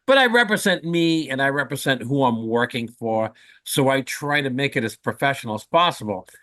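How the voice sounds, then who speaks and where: A man's voice: mid-range voice, brisk, no room sound. A man in his sixties, a comedian and guest, telling stories in a chatty, joking way. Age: 60s. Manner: animated, chatty, jokey. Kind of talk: casual storytelling.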